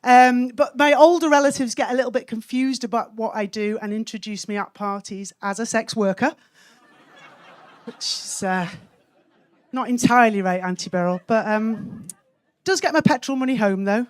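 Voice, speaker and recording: A woman from Wales performing a cheeky stand-up set, landing punchlines deadpan on a comedy club stage. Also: fairly high pitch, moderate pace, dry recording.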